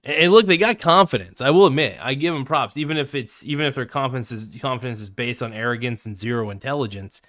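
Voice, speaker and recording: A man hosting a podcast in casual chat, blunt and animated, swearing freely. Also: mid-range voice, fast talker, hardly any pauses, dry recording, clean studio sound. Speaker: podcast host.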